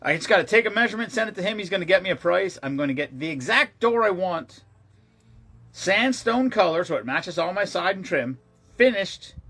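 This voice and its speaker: Husky-voiced middle-aged man rambling casually. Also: high voice, fairly bright tone. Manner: rambling, profane storytelling with laughs. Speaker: livestream host. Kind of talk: casual livestream chat.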